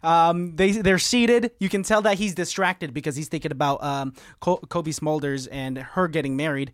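Animated high-voiced man recapping a movie. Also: moderate pace, no room sound, studio quality. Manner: animated storyteller, laughs often, swears freely. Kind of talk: casual chat recapping a movie.

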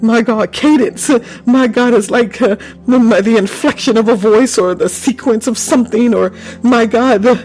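A man's voice: very high voice, moderate pace, a little mellow, faint music behind. A man leading a live prophetic prayer, speaking in tongues in rhythmic chanted syllables and laughing between fervent declarations.

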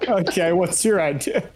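A man playing a tabletop game, chatty and joking as he pitches plans. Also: noisy background. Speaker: player. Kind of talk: casual tabletop game talk.

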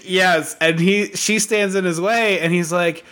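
Animated man chatting about a movie. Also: high voice. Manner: animated, jokey, quick asides. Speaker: podcast co-host. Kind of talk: casual movie chat.

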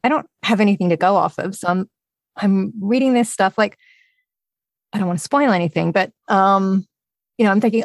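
Guest narrator, English woman, gravelly tone, animated and quick to laugh. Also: mid-range voice, no room sound. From England. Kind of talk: casual podcast chat.

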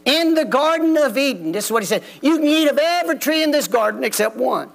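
A man's voice: very high-pitched, animated, quick pace, gravelly. A man preaching a folksy, plain-spoken sermon in a church. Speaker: pastor. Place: church sanctuary.

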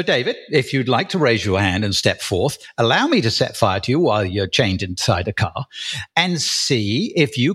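English male co-host, wry teasing, husky, animated intonation. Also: mid-range voice. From England. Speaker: podcast co-host and author. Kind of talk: casual chat.

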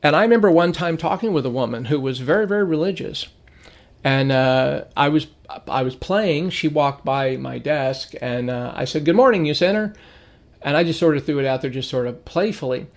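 A man's voice: medium pitch, moderate pace. A middle-aged man teaching an informal Bible lesson, telling stories in a conversational way and acting out the people he quotes.

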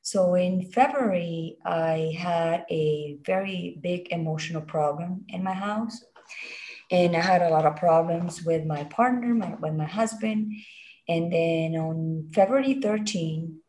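Halting, lower-voiced woman telling her story. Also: dark tone. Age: adult. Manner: halting, many restarts and repeated words. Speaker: interview guest. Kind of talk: personal storytelling.

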